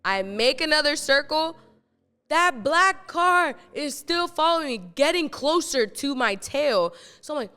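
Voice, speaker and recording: A young woman hosting a podcast and telling a story casually, animated, swearing freely and acting out what she said back then. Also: high voice, moderate pace, big-room sound. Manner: animated, swears freely, acts out her own quotes. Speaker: podcast host.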